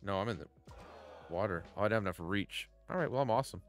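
A man's voice: on the low side, lively intonation, fast, soft background music. Chatty man streaming a mobile golf game. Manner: playful, chatty, greets viewers by name. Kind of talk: casual game commentary.

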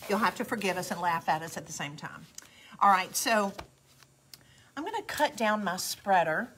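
A woman's voice: mid-range voice, lively intonation, normal speed, a bit bright, slight background noise. A middle-aged woman with a Southern US accent hosting a casual live craft demo, chatty and folksy, talking straight to viewers. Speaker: craft host demonstrating a product.

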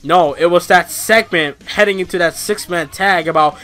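A man talks through a casual review in a rambling, profane style. He works himself up into animated rants. His voice is fairly high and bright, with faint music playing behind him. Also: moderate pace, hardly any pauses. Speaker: wrestling reviewer.

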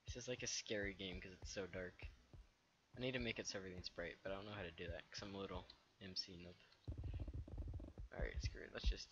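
A young man giving jokey live game commentary with loud outbursts, recorded at a home gaming setup. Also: deep voice, lo-fi sound, background noise. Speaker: gaming YouTuber.

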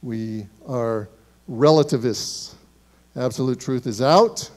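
A man preaching a sermon as pastor in a church, emphatic and swinging between loud declarations and hushed, quiet words. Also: a little high, lively intonation, a little slow. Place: church sanctuary.

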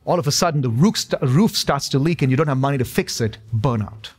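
A man's voice: medium pitch, lively intonation, a little fast, husky. A male pastor in his thirties preaching a sermon in a church, emphatic and repetitive, with touches of humor. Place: church sanctuary.

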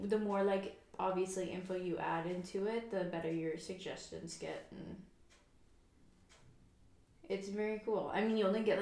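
A woman co-hosting a casual podcast, talking in a quick, chatty way with lots of "like" and frequent laughs. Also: mid-range voice, a little mellow, reverberant. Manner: chatty, says "like" a lot, laughs often. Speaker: podcast co-host. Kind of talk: casual chat. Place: quiet room at home.

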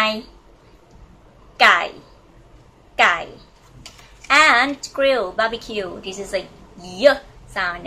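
A woman whose first language is Thai, teaching a language lesson and slowly repeating words for learners to copy. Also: mid-range voice, sharp tone, slight background noise, low-quality recording.

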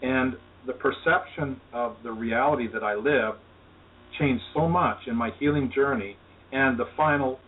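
A man's voice: medium pitch, unhurried. A man, an energy healer, telling his personal story in an earnest, reflective way as an interview guest. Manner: earnest, reflective, talks of spirituality. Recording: tinny phone line, distant, faint hiss.

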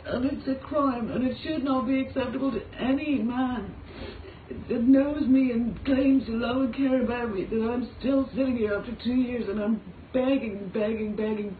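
Irish woman, raw and pleading, tinny echo. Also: a little high. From Ireland. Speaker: singer making a personal video. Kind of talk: emotional confessional monologue. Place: motel room. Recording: echoey, distant, tinny phone-like audio with faint noise.

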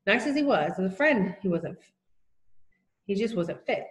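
A woman reading a children's novel aloud in plain, unhurried narration with small slips. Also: mid-range voice, very animated, echoey room, poor audio. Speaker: reader.

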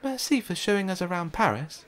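A man putting on an eager, excited schoolboy. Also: high voice, a little fast, pitched above the performer's own voice.

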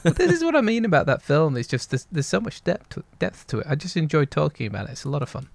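A man's voice: on the high side, sing-song, quick pace, gravelly, no echo. A man co-hosting a casual talk show, rambling in an easygoing way. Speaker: podcast co-host. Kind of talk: casual chat.

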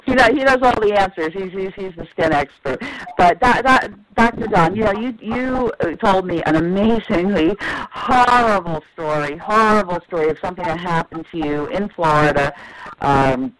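A man's voice: high-pitched, moderate pace, a crowd in the background, poor audio. A male radio host introducing a guest's story, stammering and repeating words. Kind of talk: interviewing a guest.

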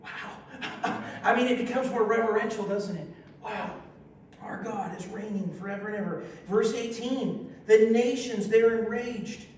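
In a cavernous, echo-filled church, recorded from afar with slight hiss, a pastor with a bright, high voice reads scripture at a normal pace. Time and again he breaks off for call-and-response, his manner lively and exclamatory with playful jabs at the congregation.

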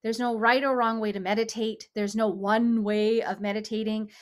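A woman leading a meditation session, talking gently and casually with frequent small laughs. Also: on the high side, flat delivery, normal speed. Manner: gentle, chatty, laughs often. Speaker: meditation leader. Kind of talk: guided meditation instruction.

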